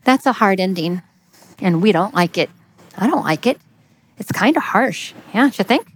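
A woman retelling a parable in a sermon, expressive and sometimes dropping to a whisper for emphasis. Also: mid-range voice, moderate pace, husky. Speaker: speaker giving a devotional message. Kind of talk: sermon storytelling.

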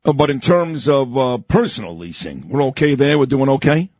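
A man's voice: mid-range voice, moderate pace, dry recording. A man hosting a radio interview in a studio, chatty and open. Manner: animated, chatty, confessional. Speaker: radio host. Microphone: studio microphone.

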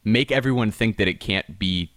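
A young man co-hosts a podcast in casual chat, his lowish, fairly bright voice at a moderate pace. He rambles with lots of restarts and fillers, recorded dry with clean studio sound.

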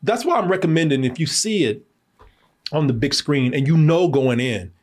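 A man's voice: fairly high pitch, expressive, moderate pace. A man hosting a casual podcast movie review, loose and joking, often breaking into laughter. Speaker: film reviewer.

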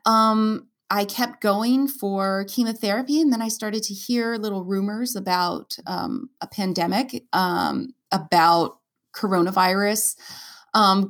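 A woman, a stage performer as interview guest, telling her own story in a candid, earnest and emotional way, with many fillers and restarts. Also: mid-range voice.

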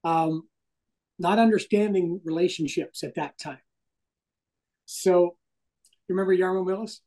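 Animated middle-aged man telling stories. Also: high voice, a little slow, poor audio. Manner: animated anecdote teller, swears casually. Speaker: hockey broadcaster, interview guest. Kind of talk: casual interview storytelling.

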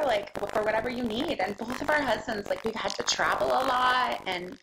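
A woman's voice: on the high side, moderate pace, creaky, few pauses, echoey room, background noise. A middle-aged woman talking as an interview guest, chatty and emotional, with many restarts. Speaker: guest, business owner. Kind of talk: casual interview chat.

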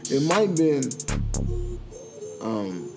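A man's voice: medium pitch, very animated, very slow, over music. A man co-hosting a casual chat, emphatic and opinionated, with slangy speech. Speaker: podcast co-host.

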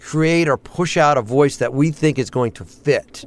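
Animated man telling showbiz stories. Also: a little high. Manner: animated, slips into quick character voices mid-story. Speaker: voice actor guest. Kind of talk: casual interview chat.

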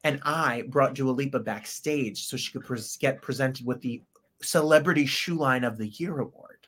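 A man's voice: mid-range voice, normal speed, a bit bright. Playful man with a put-on American accent. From England. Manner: playful, theatrical asides. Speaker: podcast co-host. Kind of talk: casual chat.

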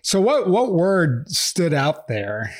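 A man's voice: fairly high pitch, sing-song, slow. A man hosting a true-crime podcast, narrating updates and interviewing a guest in a conversational way. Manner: conversational, reads text messages aloud. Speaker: podcast host.

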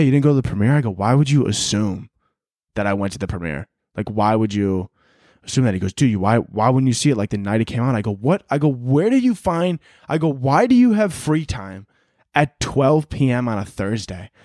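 A man's voice: a little high, no echo, studio quality. Sarcastic young man ranting on a podcast. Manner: animated, sarcastic, swears a lot. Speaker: podcast host. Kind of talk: casual solo podcast rant.

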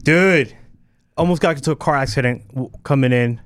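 A man's voice: medium pitch, moderate pace, smooth, no room sound, studio quality. A man co-hosting a radio show, bantering casually with the host. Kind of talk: casual chat.

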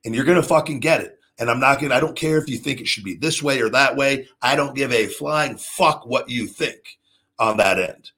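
A pro wrestler hosting his own podcast talks unscripted and solo, brash and profane, swearing constantly and acting out wrestling moves with building energy. His mid-range voice is bright, forceful and husky, at a moderate pace.

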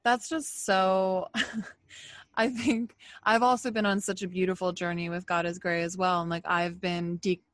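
A woman's voice: on the low side, little pitch movement, a little slow, fairly bright tone, no echo. A woman talking candidly and emphatically in a casual conversation, with many filler "likes". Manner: candid, emphatic, faith-focused talk with frequent "like".

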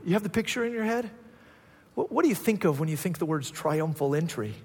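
A man preaching a sermon as pastor, building with swelling emphasis to loud peaks. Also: sits high, breathy edge. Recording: long hall reverb.

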